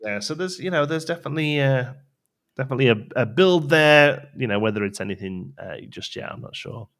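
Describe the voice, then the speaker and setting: A man's voice: medium pitch, animated, a little fast, fairly bright tone. A man co-hosting a casual card game livestream, rambling and restarting his sentences, laughing often. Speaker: co-host. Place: home studio, livestream.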